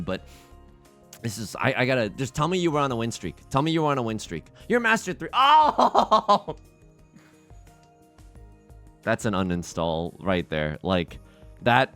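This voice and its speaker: A man with a sore throat, giving excitable, jokey, self-mocking commentary while playing a game for his channel. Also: mid-range voice. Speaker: let's play host. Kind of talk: casual gameplay commentary.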